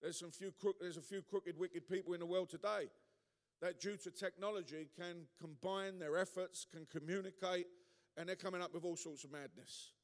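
A man preaching a sermon to a congregation, emphatic and conversational, building to loud punchy peaks and throwing asides to the room. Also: high voice, steady tone, moderate pace. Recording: long reverb of a large hall.

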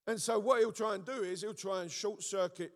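A man preaching an animated sermon, often checking in with his listeners. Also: high voice, brisk. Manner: animated, rhetorical, frequent call-and-response checks. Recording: echoey hall with long reverb.

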